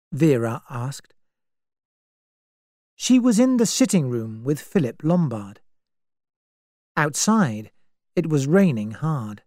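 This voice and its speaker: A woman narrating an audiobook in a clear, expressive reading voice. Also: extremely low pitch, slow, long pauses, no room sound, studio quality. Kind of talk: scripted narration.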